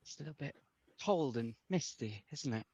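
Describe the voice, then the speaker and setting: A man's voice: mid-range voice, animated, a little mellow, slightly rough, no echo. A man improvising a nervous, hesitant male character who mutters uneasy asides as a comic impression. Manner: halting, wavering, muttering asides. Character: hesitant nervous man in a cold misty place. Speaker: panelist.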